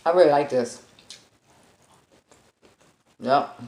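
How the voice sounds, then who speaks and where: A woman vlogger chatting and telling a story while eating on camera, animated, with squealing exclamations and laughs. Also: sits low, takes it slowly. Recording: echoey room with faint music.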